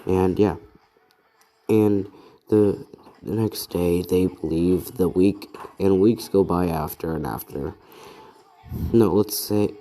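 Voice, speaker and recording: Young man, low mellow voice, soft-spoken improvised storytelling, rambling and self-correcting. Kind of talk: improvised fan-fiction narration.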